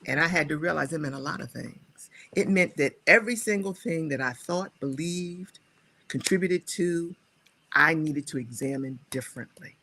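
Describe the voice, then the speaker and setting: A woman guest speaker, a scholar and writer, telling her personal story in a reflective, animated way. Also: low-pitched, moderate pace, a little hiss or hum. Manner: animated, acts out her own past dialogue.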